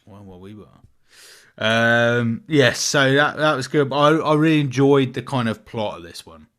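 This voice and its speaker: A man's voice: medium pitch, expressive, normal speed, fairly bright tone. A British man co-hosting a podcast, chatting casually, swearing freely and often stumbling and restarting mid-sentence. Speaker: podcast co-host. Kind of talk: casual chat.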